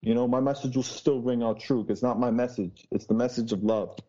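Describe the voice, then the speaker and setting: A man's voice: mid-range voice, steady tone, brisk, mellow, highs cut off. A man, a guest who talks in a brash, rambling way, swearing often in casual chat. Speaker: podcast guest, street DJ. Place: Boston.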